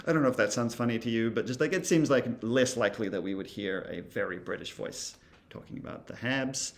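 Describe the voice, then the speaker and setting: With a mid-range voice and a brisk pace, a male instructor walks through software in an informal recorded lesson, filling his reasoning-out-loud with frequent ums and uhs.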